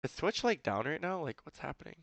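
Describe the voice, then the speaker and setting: A man's voice: on the high side, sing-song, fairly quick, gravelly, a crowd in the background. A man streaming a casual reaction, rambling and incredulous, with a slight lisp. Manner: rambling, incredulous, full of fillers.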